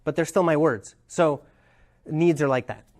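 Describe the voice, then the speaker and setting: A man's voice: a little high, measured pace, darkish tone. Thoughtful man teaching a workshop. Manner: thoughtful, searching for words. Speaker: communication trainer.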